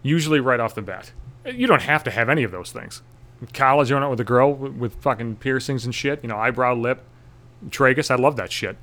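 A man's voice: mid-range voice, a bit bright. A man talks through a loose comedic monologue in a mid-range voice, cursing constantly. He rambles anxiously and mocks himself, often tripping over and restarting his sentences. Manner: profane, self-deprecating, anxious rambling with restarts.

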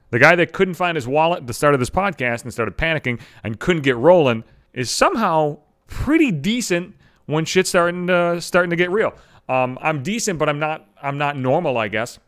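A man's voice: fairly high pitch, expressive, moderate pace, fairly bright tone. A man hosting a podcast, telling a story in a rambling, profane, self-mocking way. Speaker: podcast host. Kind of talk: casual solo storytelling.

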